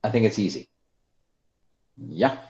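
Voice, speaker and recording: Man teaching, lively pitch, roomy sound. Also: takes it slowly, dull audio. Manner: repeats prompts, coaxes students to answer. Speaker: English teacher. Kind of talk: online class instruction.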